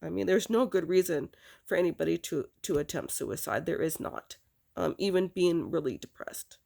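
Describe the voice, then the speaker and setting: A woman recounting a painful personal memory, halting, with many fillers and restarts. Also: on the low side, lively intonation, vocal fry, mellow. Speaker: storyteller.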